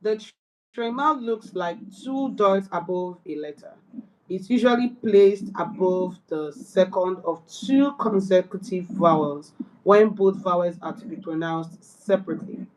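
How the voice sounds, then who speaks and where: A woman learning French, reading her notes aloud haltingly and echoing words back to her tutor. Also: lowish voice, a little mellow, a little hiss or hum. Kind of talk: casual one-on-one lesson.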